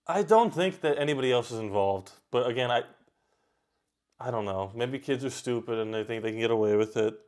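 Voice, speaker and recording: A man hosting a reaction video, chatting casually and talking back at the screen with quick outbursts. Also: mid-range voice, a little mellow.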